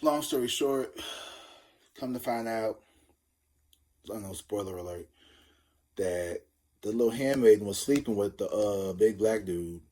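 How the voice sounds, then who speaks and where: A man's voice: on the low side, expressive, measured pace, pauses often, mellow. A man giving a casual tarot reading, rambling and cursing as he jokes through a story. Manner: rambling, profane, joking storyteller. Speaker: tarot reader.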